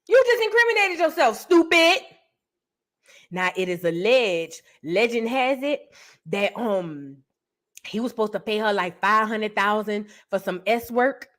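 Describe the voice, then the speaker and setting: A young woman hosting a reaction video, talking with loud, profane and sassy mockery. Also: medium pitch. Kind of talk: brash gossip commentary.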